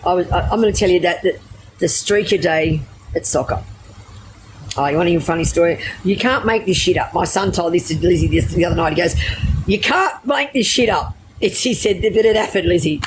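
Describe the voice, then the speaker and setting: Casting: middle-aged Australian woman, blunt and crude storyteller, low voice, noisy background. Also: quick pace. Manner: brash, swearing, animated anecdotes. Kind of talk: casual storytelling.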